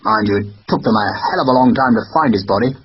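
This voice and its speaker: Voicing an overworked, short-tempered middle-aged merchant consul, this man grumbles and swears in a hard, clipped way, irritable throughout. His voice is lowish and close to everyday speech, delivered quickly. Slight background noise sits on a dull lo-fi recording.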